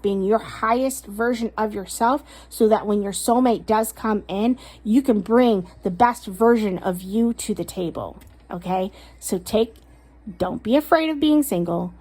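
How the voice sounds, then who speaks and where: A woman's voice: medium pitch, dark tone. Blunt, swearing woman tarot reader. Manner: blunt, ranting, swears a lot; emphatic, stresses words slowly. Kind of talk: casual tarot reading vlog.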